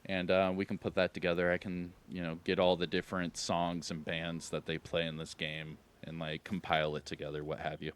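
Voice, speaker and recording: A man's voice: sits low, completely flat delivery, fairly quick, hardly any pauses, a little hiss or hum. A man hosting a gaming video, casually running through in-game vendor items and getting hyped about good loot.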